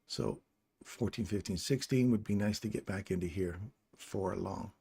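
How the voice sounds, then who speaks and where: A fairly low-voiced middle-aged man from England gives relaxed, loose commentary while trading live. He thinks aloud as he walks through the chart and chats and jokes with his viewers between setups. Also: moderate pace, gravelly, breathy edge. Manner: chatty and joking with viewers. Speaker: livestream trader and channel host.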